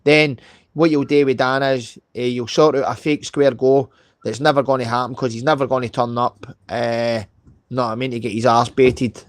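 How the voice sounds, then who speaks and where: On a live call, a guest with a Scottish accent talks heatedly in casual chat, swearing heavily and capping lines with "mate" and "know what I mean". He speaks at normal speed in a steady, mid-range voice, and the recording is dry.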